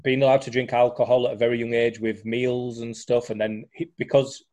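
A man's voice: mid-range voice, flat delivery, fairly quick, a little mellow. Chatty man telling a story. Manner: chatty storyteller, many fillers and restarts. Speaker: guest sharing recovery story. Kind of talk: casual conversation.

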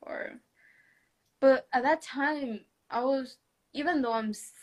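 A high-pitched woman slowly relates a personal story to someone in conversation. She often stops and starts over, laughs softly, sounds hesitant and speaks English with non-native grammar.

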